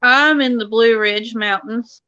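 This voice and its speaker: A woman with a Southern Missouri drawl talks in a slow, folksy way as a guest. Her voice is higher than most and bright. The sound is dry and a little muffled, like a home webcam stream. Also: clean tone, no room sound. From Missouri, Ozarks. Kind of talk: casual chat.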